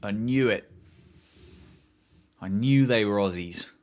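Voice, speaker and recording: A man's voice: fairly low pitch, slow pace, a little mellow, a little hiss or hum. A man hosting a live cricket watchalong, chatting casually, joking and reacting to play and viewer comments.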